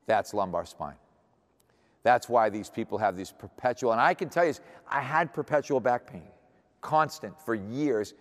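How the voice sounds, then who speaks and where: A man's voice: medium pitch, expressive, moderate pace. A man in his sixties giving a seminar lecture as a strength coach, blunt and emphatic, asking rhetorical questions. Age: 60s. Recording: echoey hall reverb.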